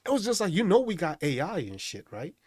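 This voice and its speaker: A man rants angrily into the mic, swearing constantly and mocking the people he talks about. His voice sits a little high and swings widely up and down. The sound is dry and close, with no room echo. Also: huge pitch swings, fast, darkish tone. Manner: angry, profane, mocking. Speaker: host. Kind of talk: profane ranting commentary.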